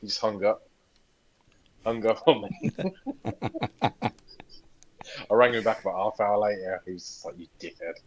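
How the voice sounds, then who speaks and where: A man's voice: lowish voice, a little slow, pauses often, poor audio. A young man co-hosting a podcast, telling stories with lots of energy and plenty of swearing. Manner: animated storyteller, swears freely. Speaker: podcast co-host. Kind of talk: casual chat.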